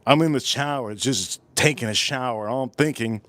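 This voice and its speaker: A man hosting a casual whiskey tasting livestream, rambling and profane, repeating himself with loud bursts. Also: mid-range voice, moderate pace, no echo. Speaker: whiskey reviewer and livestream host.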